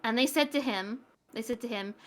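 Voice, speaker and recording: A young British woman streaming a game, chatting in an excitable, exclamatory way with quick asides. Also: on the high side. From Britain. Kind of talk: casual chat while gaming.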